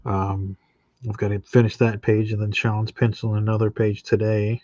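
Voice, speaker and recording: A man's voice: on the low side, normal speed, dry recording, highs cut off. A man talking casually as a guest artist on a live stream, rambling with lots of fillers. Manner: relaxed, rambling with many fillers.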